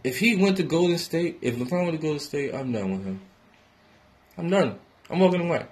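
A young man from New York rants casually and profanely, shifting between loud outbursts and low mutters. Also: lively intonation, fairly quick. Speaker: independent musician giving sports opinions. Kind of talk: casual ranting monologue.

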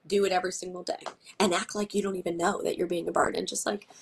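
A woman's voice: on the low side, level tone, fast, creaky, breathy edge. A woman guest in a casual interview, talking chattily with lots of "like" and acting out conversations she retells. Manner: chatty, peppered with "like", acts out quoted exchanges. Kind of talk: casual chat.

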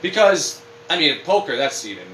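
A podcast co-host rambles and swears through an animated rant in a fairly high voice at a moderate pace. He sits far from the mic, with slight background noise and a roomy echo over faint ambience.

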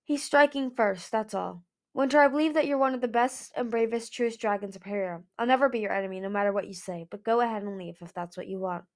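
A woman voicing a young female dragon who speaks in a soft, earnest way. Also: mid-range voice, quick pace, close to an everyday voice. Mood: gentle.

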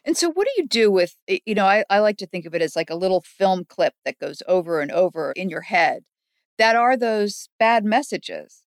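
A woman hosts a conversational interview and asks her guest thoughtful questions. Her voice is mid-pitched and recorded dry, with no room sound. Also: sing-song, moderate pace, dry recording. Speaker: podcast host.

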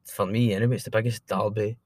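A man's voice: fairly low pitch, fairly even intonation, fast talker, a little mellow, slightly rough, no echo. A Scottish man co-hosting a casual football podcast, swearing constantly and ranting in exasperation. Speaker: podcast co-host.

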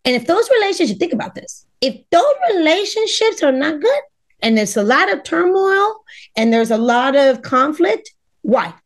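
A woman's voice: high-pitched, very animated, moderate pace. A middle-aged woman from Los Angeles of Cuban background, a dating coach talking as a podcast guest, emphatic and repeating words as she acts out what people said. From Los Angeles, Cuban family. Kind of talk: podcast interview.

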